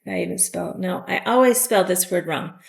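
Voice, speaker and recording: A woman teaching English vocabulary, explaining slowly and patiently with the odd "um". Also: on the low side, creaky, reverberant. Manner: slow, patient explaining with fillers. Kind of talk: vocabulary lesson.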